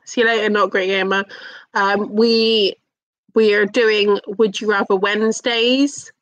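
A woman's voice: mid-range voice, fairly even intonation, measured pace, fairly bright tone, no echo, dull audio. A young English woman chatting casually with her live-stream viewers, teasing and swearing, with lots of fillers.

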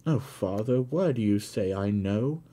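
A man reading a classic novel aloud, voicing an anguished young blind woman in a high, raised voice. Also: very animated, a little slow, husky, full character voice. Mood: reproachful. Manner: high, loud, cries out.

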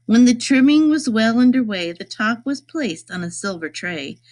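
A woman reading a rhyming picture book aloud, in a lively sing-song way. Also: on the high side, normal speed. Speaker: storybook reader.

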